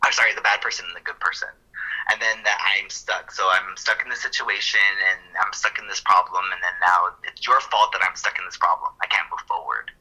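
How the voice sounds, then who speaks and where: A man co-hosting a podcast, explaining counseling ideas in a casual, thoughtful way, working through his points with fillers and quick self-corrections. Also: sits low, steady tone, bright, forceful tone, slightly rough, rough recording.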